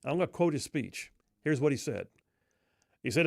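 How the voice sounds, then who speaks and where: A man's voice: on the high side, animated, moderate pace, vocal fry, pauses often, no echo, studio quality. A male talk radio host telling a story in a folksy, emphatic way.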